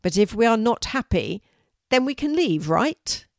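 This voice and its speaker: A woman's voice: fairly high pitch, sing-song, unhurried, a little mellow, dry recording, studio quality, pitched above the performer's own voice, full character voice. An older woman voicing a sneering big one-eyed male stray cat who leads a gang, in a storybook reading. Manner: sneering, gruff.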